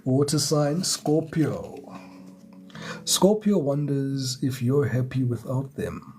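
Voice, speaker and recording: A man's voice: mid-range voice, slow, a little mellow, slight background noise. A man giving a chatty live tarot reading, greeting viewers and chuckling often. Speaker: tarot reader. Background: music.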